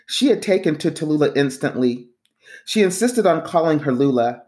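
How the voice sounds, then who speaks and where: Narrator: woman with a deep voice, steady audiobook reading. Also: normal speed. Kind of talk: scripted narration.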